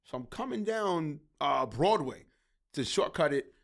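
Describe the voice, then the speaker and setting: Man, podcast host, high voice, animated slangy storytelling. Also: unhurried, creaky. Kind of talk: casual chat.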